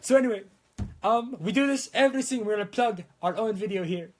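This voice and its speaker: A man's voice: sits high, fast. A young man rambling on a casual prop-making livestream in a put-on Italian accent, talking through a swollen lip. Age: young adult. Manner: rambling, self-mocking, trails off mid-sentence.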